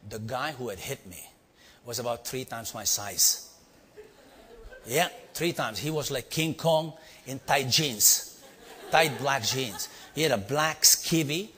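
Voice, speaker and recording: Speaking slowly and animatedly, this man has a medium-pitched voice with a sharp tone. A middle-aged storyteller with an Indian accent, he addresses a live crowd in a big reverberant hall about leadership, playfully quizzing them and mimicking sounds.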